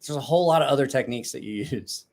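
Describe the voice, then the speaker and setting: A man's voice: medium pitch, fast talker, vocal fry, darkish tone. A man hosting a casual livestream, chatting and rambling with frequent restarts and asides. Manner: rambling, self-correcting, chatty. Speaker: livestream host.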